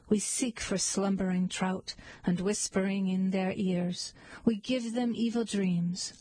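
A woman reading poems aloud in a slow, measured, lilting recitation. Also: mid-range voice, dark tone, slightly rough, no room sound, low-quality recording. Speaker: poetry reader.

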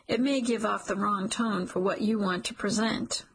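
A woman voicing a calm, wry male coworker who jokes in a dry, even tone. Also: mid-range voice, moderate pace, breathy edge, rough recording. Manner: dry, even-toned joking.

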